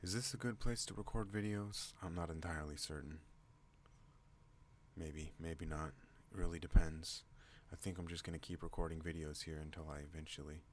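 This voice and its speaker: A man hosting an ASMR channel, talking in a slow rambling way and drifting off on tangents. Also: a little hiss or hum. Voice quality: deep relaxed voice. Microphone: non-binaural desk microphone.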